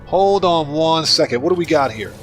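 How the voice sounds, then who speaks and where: A man's voice: on the high side, expressive, normal speed, faint music behind. A man streaming a video game, chatting casually and talking to his viewers by name as he plays. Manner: chatty, talks to viewers by name while playing. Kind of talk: casual livestream gaming commentary.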